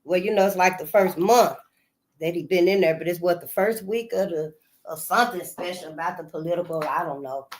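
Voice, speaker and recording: A woman's voice: lowish voice, a little fast. A woman hosting her channel, talking casually to her audience, often repeating herself and trailing off mid-thought. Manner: loose, conversational, trailing off and repeating phrases. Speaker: channel host. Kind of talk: casual spoken commentary.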